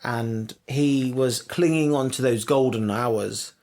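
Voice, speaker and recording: A man's voice: medium pitch, slow, darkish tone. A man co-hosting a casual podcast, given to incredulous outbursts. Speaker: podcast co-host. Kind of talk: casual chat.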